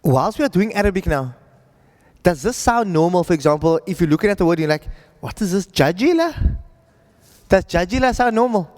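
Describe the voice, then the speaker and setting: Patient high-voiced male teacher, echoey room. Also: lively intonation, fast talker, darkish tone. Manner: patient, checks in with students often. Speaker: Arabic reading teacher. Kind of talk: classroom lesson.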